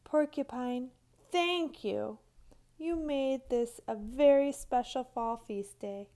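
A woman's voice: high voice, slow, mellow. Woman reading as a graceful doe. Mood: gentle. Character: graceful gentle female deer.

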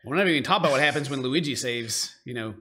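A man's voice: mid-range voice, racing, heavy background noise. A man hosting a casual meme reaction show, laughing often and joking around. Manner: laughs often, jokey, animated. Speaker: YouTube host reacting to memes. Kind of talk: casual comedic commentary.

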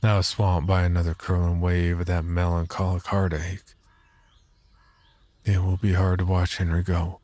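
A man narrating a horror story in a measured, subdued way. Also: low voice, monotone, darkish tone, a little hiss or hum.

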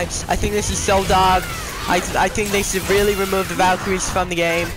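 A man's voice: high voice, level tone, normal speed, hardly any pauses, a crowd in the background, rough recording. Young man raging over a game. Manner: swears constantly, whiny, explosive outbursts. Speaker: gamer playing on camera. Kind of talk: raging gameplay commentary. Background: game music.

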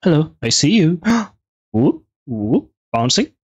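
Hosting a gaming video, a man chatters excitedly through a let's play, voicing the on-screen text and responding rapidly. He sounds a little high with a breathy edge, and there's no room sound.

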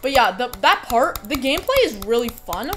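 Lively young woman streamer chatting while playing. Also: high voice, a little fast, faint music behind. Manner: chatty, bursts into squealing protests and laughter. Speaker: game streamer. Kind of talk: casual live-stream commentary while playing.

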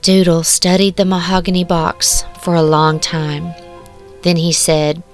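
A woman reading a short story aloud in a measured, hushed, wistful way. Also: fairly low pitch, little pitch movement. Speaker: story narrator. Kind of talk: scripted storybook narration. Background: soft music.

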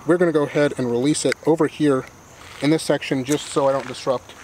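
A man's voice: a little high, steady tone, quick pace, darkish tone, slight background noise. A man filming a casual fishing vlog outdoors on a riverbank, talking to the camera in a chatty, rambling way. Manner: chatty and rambling, addresses viewers as guys. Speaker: fishing vlogger. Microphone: camera set up on the bank.

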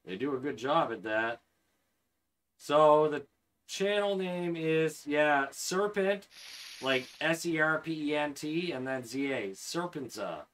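A man's voice: a little high, expressive, takes it slowly, fairly bright tone, slight background noise. A man hosting a gaming livestream, talking casually into a headset and ranting with heavy swearing. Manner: profane, heated ranting.

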